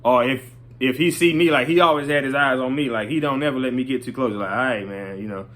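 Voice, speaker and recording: A man's voice: mid-range voice, quick pace, a bit bright. A middle-aged man casually telling a story, rambling and often stopping to ask "right?" and "you know".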